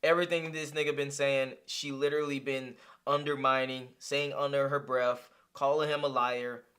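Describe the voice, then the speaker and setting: A man's voice: mid-range voice, flat delivery, normal speed, fairly bright tone. Heated, profane young man reacting to a clip. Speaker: reaction streamer. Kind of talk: casual reaction commentary.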